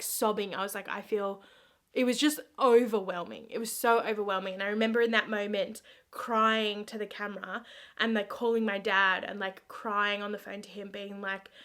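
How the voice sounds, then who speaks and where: A woman's voice: mid-range voice, a bit bright. A young woman chatting earnestly while doing her makeup at home, full of "like" fillers and restarts. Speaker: vlogger. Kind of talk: casual get-ready-with-me chat.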